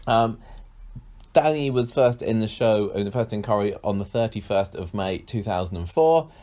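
A man with a low voice hosts a relaxed podcast conversation. He jokes around and makes fun of himself as he talks. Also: moderate pace. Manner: jokey, self-mocking, tries silly accents. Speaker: podcast co-host. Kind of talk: casual podcast chat.

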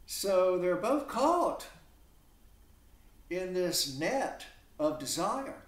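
Animated male instructor in an echoey classroom. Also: high-pitched, very slow, distant mic. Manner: animated, asks rhetorical questions. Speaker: literature instructor. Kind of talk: classroom lecture.

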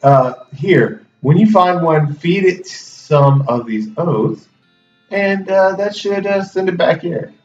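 A man voicing a downtrodden old-west horse seller, talking slowly and plaintively. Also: high-pitched, lively intonation, pitched above the performer's own voice. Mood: hopeful. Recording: roomy, distant, dull, faint music.

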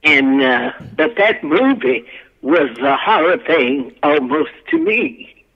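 A woman's voice: deep voice, sing-song, slow pace, husky, muffled recording. An older woman, a guest actress and singer, telling stories from her career in a folksy, country-spoken way. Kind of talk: casual storytelling interview.

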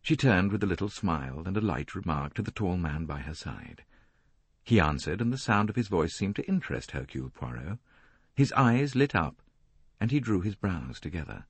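A man narrating an audiobook in a measured, expressive reading on a close studio mic. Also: low voice, breathy edge, dry recording. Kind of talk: scripted narration.

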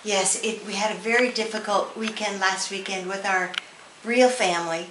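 A woman's voice: mid-range voice, steady tone, normal speed. A woman co-hosting a party at home, speaking heartfelt, informal thanks to her guests. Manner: heartfelt, eager to add a word. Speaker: party host. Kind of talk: casual party speech. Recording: echoey room, far mic, loud party noise.

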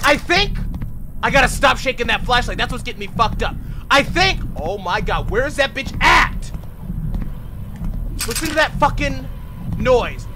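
A man doing excitable, profane let's play commentary on a horror game, yelling at the game and talking to viewers as "y'all". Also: very high voice, a little slow, pauses often, noisy background. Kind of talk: casual gameplay commentary. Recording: game music loud behind the voice. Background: horror game music.

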